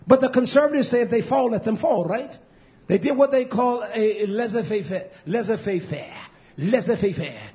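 A man preaching a fiery, rambling sermon, swinging between low muttering and shouting. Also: creaky. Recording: dull lo-fi recording.

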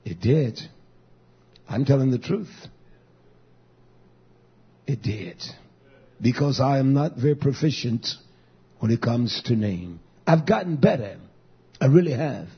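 A man's voice: medium pitch, animated, slow, long pauses, husky, highs cut off. A man preaching a sermon, exhorting and calling out to the congregation.

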